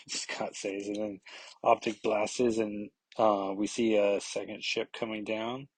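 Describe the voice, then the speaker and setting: Husky man rambling through a comic recap. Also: fairly low pitch, level tone, dry recording, rough recording. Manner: rambling, filler-heavy, acts out lines in quick voices. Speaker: podcast host. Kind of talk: casual comic book recap.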